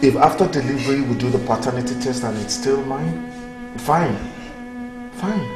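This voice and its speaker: A man's voice: mid-range voice, moderate pace, roomy sound, over loud music, lightly acted, low-quality recording. An actor with a Nigerian accent playing a fiancé who soothes his upset partner and sets firm terms in a film scene. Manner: soothing, firm, repeats calming words. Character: fiancé, young man soothing a distraught partner. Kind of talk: Nollywood film acting.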